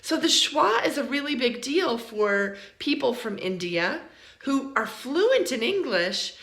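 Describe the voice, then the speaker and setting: A woman teaching English pronunciation in a recorded lesson, saying each example word slowly and then repeating it for learners. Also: on the high side, a bit bright, echoey room. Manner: slow, deliberate, repeats model words for learners.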